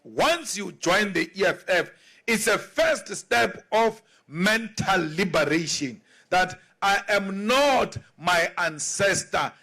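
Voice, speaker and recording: Slow, high-voiced South African man. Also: animated, bright, forceful tone. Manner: emphatic and repetitive, with rhetorical questions. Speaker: political party leader. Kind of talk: public political speech.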